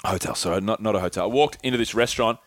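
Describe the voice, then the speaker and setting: A man's voice: lowish voice, very fast, no echo. A young man telling travel stories in a casual, laid-back chat, swearing freely and acting out the people he quotes. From Australia. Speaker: podcast guest.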